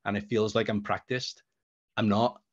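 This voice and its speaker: A man speaking as a speaker coach in an online talk, pausing deliberately between words and rambling through stories. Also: fairly low pitch, little pitch movement, breathy edge, lo-fi sound. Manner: rambling storyteller. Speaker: speaker coach and creative producer. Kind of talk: answering a question in an online talk. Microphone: video call.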